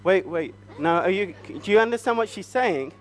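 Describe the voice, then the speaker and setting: A man retelling a Bible story at a church family service, asking the children animated, coaxing questions. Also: sits high, moderate pace, in a large hall, crowd noise. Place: church hall.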